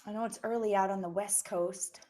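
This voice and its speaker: A woman's voice: medium pitch, fairly even intonation, brisk, dark tone. A young woman hosting a live webinar from home, chatting casually into her own microphone, friendly and full of fillers as she greets viewers by name. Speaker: webinar host. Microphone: own microphone on a live stream.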